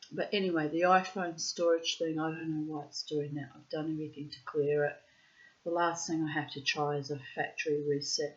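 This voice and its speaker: A woman who rambles through casual stories and gripes, blunt and quick to swear. Her voice sits low. It comes through a dull, lo-fi recording. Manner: blunt, profane, chatty. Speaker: reader and vlogger.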